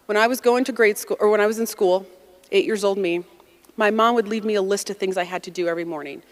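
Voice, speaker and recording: Lively American woman telling a story. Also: medium pitch, fast talker. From United States. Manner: lively, conversational, acts out quotes, laughs while telling. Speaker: speaker telling a personal story to an audience. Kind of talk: personal storytelling talk.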